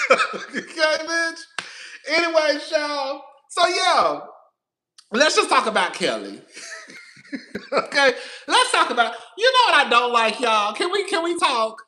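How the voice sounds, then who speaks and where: A man's voice: extremely high pitch, sing-song, slow pace, long pauses, bright, forceful tone. A man hosting a casual live stream, talking straight to his viewers in a sassy, profane, long-winded way. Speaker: host of a reality TV commentary channel.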